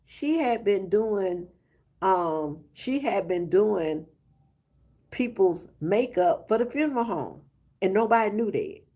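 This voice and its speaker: A woman talking on a live stream in an unhurried way, stopping often to find her words. She speaks from the heart, and her voice sits at an ordinary middle pitch. Her chat with viewers is loose and informal. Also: darkish tone. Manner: halting, hesitant telling with many pauses and fillers; emotional, heartfelt storytelling. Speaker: truck driver and trucking recruiter.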